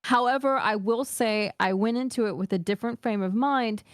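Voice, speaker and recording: A woman's voice: a little high, brisk, clean tone, no room sound, studio quality. A woman streamer in casual chat, talking through her opinions in a thoughtful, candid way.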